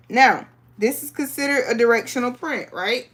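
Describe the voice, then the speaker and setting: A woman's voice: fairly high pitch, normal speed, a bit bright. A woman hosting a live sewing stream, chatting casually with viewers and reading the chat aloud. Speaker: crafting livestream host.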